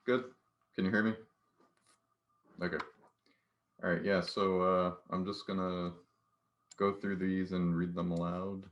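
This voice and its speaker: A man's voice: low-pitched, little pitch movement, measured pace, pauses often. A man reading his comics aloud in an offhand way over a video call. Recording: dull lo-fi call audio.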